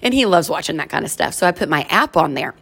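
A young woman with a low voice, chatting casually as a guest. She is a boutique owner who jumps in to finish her partner's sentences. Her tone is relaxed and conversational. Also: fast, vocal fry.

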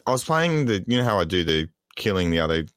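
A man's voice: low voice, big pitch swings, fast, a bit bright, dry recording. A man voicing a crude, joking Aussie bloke calling in from Tasmania, with a put-on Australian accent that slips, in a comic podcast bit.

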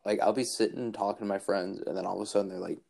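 Gravelly low-voiced man chatting. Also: rapid-fire. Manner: relaxed, chiming in with short agreements. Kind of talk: casual chat.

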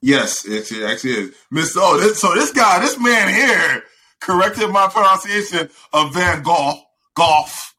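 A man's voice: sits high, big pitch swings, moderate pace, sharp tone, slightly rough. A young man co-hosting a podcast, chatting casually and complaining playfully. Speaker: podcast co-host. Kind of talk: casual chat.

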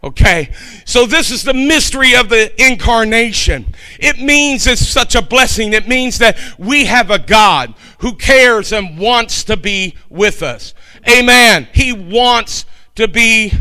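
A man preaching a sermon with fervor, building up to shouted passages and repeating phrases for emphasis. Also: high voice, expressive, takes it slowly, poor audio. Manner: fervent preaching, rising to shouts. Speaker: pastor.

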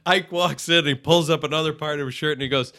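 A middle-aged man chats casually as a podcast guest, slipping into voices as he tells stories. His tone is bright and forward, and the recording sounds dry and close. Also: fairly high pitch, fast, no echo. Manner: animated storyteller, acts out voices in anecdotes.

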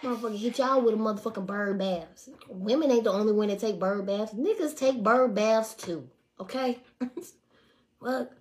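A woman's voice: medium pitch, moderate pace. A young woman ranting to her viewers in a profane, casual way, swearing hard and repeating lines for emphasis. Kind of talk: profane casual rant to camera.

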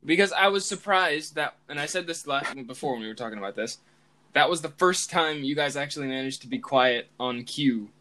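A man's voice: a little high, a little fast, bright, forceful tone. A young man hosting a podcast, explaining himself in a loose, rambling way with restarts. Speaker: podcast host. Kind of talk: casual podcast chat.

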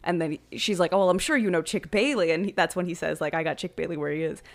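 A woman co-hosting a podcast, casually retelling an old film's plot and acting out the characters' lines with animated storytelling. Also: lowish voice, fast, creaky. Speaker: podcast co-host. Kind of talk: casual film recap chat.

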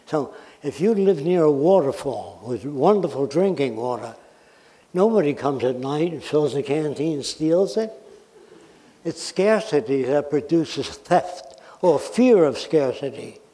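Speaking at a measured pace, an American lecturer with a slightly high, expressive, dark-toned voice addresses a lecture hall bluntly and emphatically. He makes his case through examples and questions, and the room sounds reverberant.

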